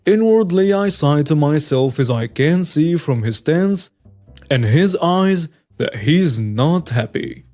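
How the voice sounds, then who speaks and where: Higher-voiced man narrating stories. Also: lively intonation, slow, darkish tone, soft background music. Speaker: story narrator. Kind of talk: scripted story narration.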